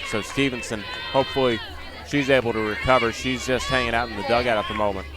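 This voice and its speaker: A man giving casual color commentary at a softball game, with relaxed, conversational asides. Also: medium pitch, fast. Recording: broadcast with crowd noise.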